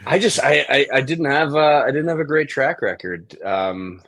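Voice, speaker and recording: A man's voice: mid-range voice, moderate pace, a bit bright, no echo. A man from Germany, an actor, talking as an interview guest in a reflective, self-deprecating way with frequent restarts. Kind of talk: casual interview chat.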